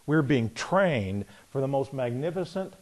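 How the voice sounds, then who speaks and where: A middle-aged man preaching a personal testimony, telling his story with swings from loud excitement to hushed quiet. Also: mid-range voice, unhurried. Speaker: pastor. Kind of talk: sermon testimony.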